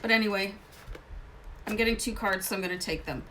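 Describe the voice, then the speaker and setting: A woman's voice: medium pitch, fairly quick, sharp tone, a little hiss or hum. A woman living in Canada hosting a casual tarot card reading, talking in a chatty, rambling way with many asides. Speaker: tarot reader.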